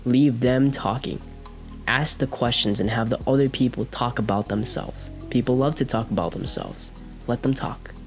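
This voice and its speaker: A young man speaks straight to camera, coaching his viewers on how to talk to people. His voice is mid-pitched and his tone direct. A soft bed of music plays behind him. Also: moderate pace. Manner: direct, coaching tone with demonstrations of speech. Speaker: self-improvement video host.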